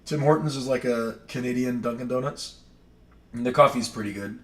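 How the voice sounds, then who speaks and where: A man's voice: mid-range voice, normal speed, a bit bright. A man from New England hosting a livestream, chatting in a rambling, self-correcting way. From New England, Maine. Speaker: livestream host. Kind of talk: casual chat. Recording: echoey room, distant mic.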